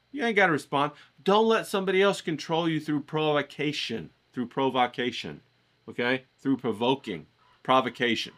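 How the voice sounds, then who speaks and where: A man's voice: medium pitch, fairly bright tone. A man giving a casual motivational pep talk to his viewers, hyped and coaxing, with slangy repeated phrases. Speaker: motivational vlogger.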